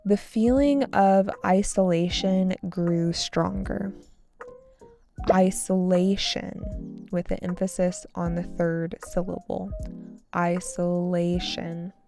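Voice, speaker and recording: A woman tells a story for English learners, stopping to repeat and explain vocabulary words. Her voice is mellow and a bit gravelly, and she speaks at a very unhurried pace. Faint music plays underneath. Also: lowish voice. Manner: slow and deliberate, repeats words for pronunciation. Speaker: English teacher.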